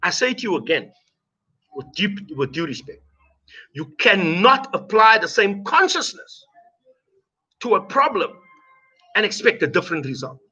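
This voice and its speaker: A man's voice: high voice, very animated, moderate pace, long pauses, breathy edge. A man delivering an impassioned video message, hammering home short repeated commands and swearing freely, on a dull lo-fi recording. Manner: forceful, repetitive exhortations, swearing. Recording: dull lo-fi sound.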